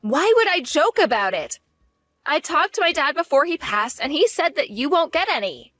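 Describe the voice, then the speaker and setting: Blunt, cutting young wife, high animated voice, dry close sound, voiced by a woman. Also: normal speed, no room sound, faint music behind. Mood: cold.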